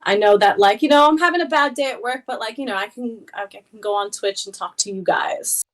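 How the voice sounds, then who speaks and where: A young woman talks in a loose, casual way, with her sentences full of fillers and a playful edge. Her voice sits fairly high. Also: a little fast. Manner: chatty, many "like" fillers, playful. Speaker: Twitch streamer, guest. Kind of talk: casual chat.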